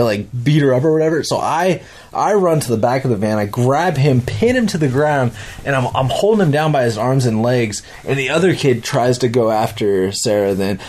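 Man, casual storyteller, mid pitch, animated and profane. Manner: animated, rambling, profane, acts out quotes.

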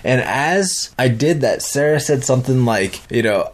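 A man in relaxed, casual conversation tells a long story in loose, rambling fashion. He swears easily and lively acts out the voices of the people in it. His pitch sits right in the middle for a man. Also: moderate pace, few pauses. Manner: animated, rambling, profane, acts out quotes.

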